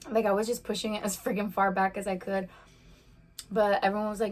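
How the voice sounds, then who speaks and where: A woman in her twenties telling a personal story on a casual vlog while eating, talking fast with lots of "like" fillers. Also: mid-range voice, flat delivery, slight background noise. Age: 20s. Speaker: vlogger.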